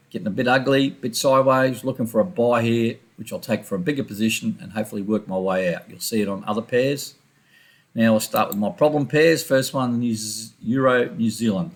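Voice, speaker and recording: A man talking quickly and loosely through his trading charts, with run-on sentences and restarts, as a screen-recorded voice-over. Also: mid-range voice. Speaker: forex trader reviewing his trades. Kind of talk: casual chart walkthrough.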